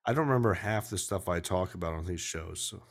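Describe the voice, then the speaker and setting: Over a video call, a podcast host rambles casually, swearing often and breaking off mid-sentence. He speaks briskly in a low, creaky voice.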